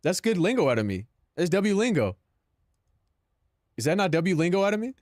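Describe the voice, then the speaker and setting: A man's voice: high-pitched, sing-song, moderate pace, a little mellow, no echo, clean studio sound. A man live streaming in casual chat, talking in slang, calling his viewers "bro" and laughing between lines.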